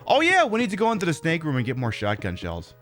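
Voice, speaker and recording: A man's voice: fairly high pitch, huge pitch swings, fast, a bit bright, soft background music. A man with a North Jersey accent giving casual, joking and profane commentary while streaming a game. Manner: profane, joking, talks to chat.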